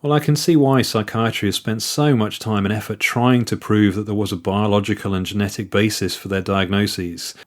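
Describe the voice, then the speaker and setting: Man, fairly low pitch, podcast host, measured questions. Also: steady tone. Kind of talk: interview questions.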